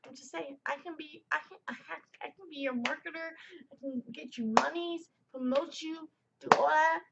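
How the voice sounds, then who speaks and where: A woman's voice: sits high, steady tone, moderate pace, vocal fry, dull audio, very noisy. A young woman rambling through a casual product review vlog in a chatty way, full of fillers and tangents.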